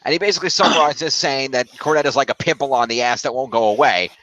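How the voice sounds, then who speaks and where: Male podcast co-host from New York, quick and self-deprecating, mid pitch. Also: fairly bright tone. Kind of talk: casual chat.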